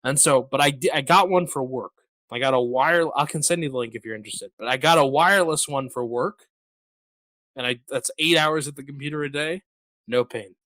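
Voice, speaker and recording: A male podcast host talks in a loose, rambling way, tossing in jokes and plenty of fillers. His voice sits at an ordinary middle pitch. The sound is dry and close, with no room echo. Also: brisk, sharp tone. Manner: rambling, jokey, lots of fillers. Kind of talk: casual chat.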